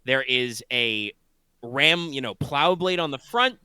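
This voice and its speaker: A drowsy male game master describes scenes over an online call, wandering through fillers and restarts. His voice is bright and crisp. The sound is dry and close. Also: medium pitch, expressive, slow, no echo. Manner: rambling, full of fillers and restarts. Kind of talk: narrating a tabletop game.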